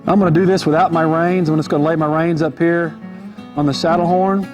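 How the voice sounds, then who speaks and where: A man with a fairly high voice teaches riding from horseback in an arena. He talks in an easygoing, folksy way and keeps coming back to his key points. Guitar music plays clearly behind him. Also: steady tone, fairly quick. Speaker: horse trainer. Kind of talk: instructional riding demonstration.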